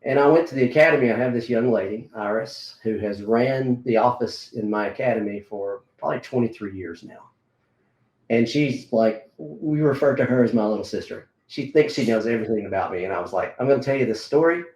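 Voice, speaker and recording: A middle-aged man, a martial arts instructor, tells a personal story in a relaxed, halting way, with many fillers and restarts. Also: medium pitch. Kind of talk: casual conversational storytelling. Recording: roomy echo.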